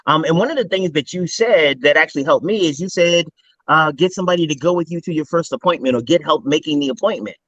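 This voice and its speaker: Animated higher-voiced man hosting. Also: fast, dry recording, muffled recording. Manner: animated, rambling, thinks aloud. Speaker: host. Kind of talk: casual interview talk.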